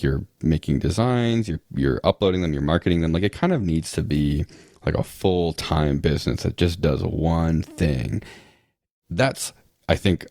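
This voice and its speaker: Man, very deep voice, dry close sound, rambling podcast guest, sarcastic asides. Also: darkish tone, no echo. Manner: rambling, full of restarts and "like". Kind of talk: casual interview chat.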